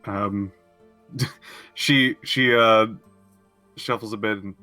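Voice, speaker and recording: A man's voice: fairly low pitch, steady tone, extremely slow, pushed and bright, no room sound, faint music behind. A man playing a tabletop game, chatting casually in a giggly, tentative way. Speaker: player.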